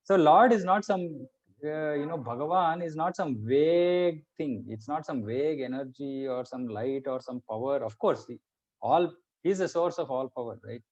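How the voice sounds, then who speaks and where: A man's voice: a little high, normal speed, a little mellow. A man teaching a conversational scripture class. He explains patiently and keeps checking in with his listeners. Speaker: Bhagavad Gita teacher. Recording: muffled lo-fi recording.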